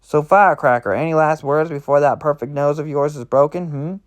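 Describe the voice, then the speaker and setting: A man's voice: on the high side, a little fast, lightly acted. Man doing a sinister vengeful female imp. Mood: menacing. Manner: menacing, taunting.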